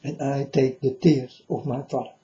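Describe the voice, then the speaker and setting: A man's voice: medium pitch, flat delivery, normal speed, mellow, muffled recording. A man speaking as a self-styled prophet in a rambling monologue to his viewers. He is solemn and repetitive and keeps addressing them as folks.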